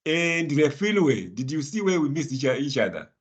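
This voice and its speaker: A man's voice: on the high side, big pitch swings, moderate pace, husky. A man teaching a live online finance class, encouraging students by name and laughing often. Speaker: lecturer.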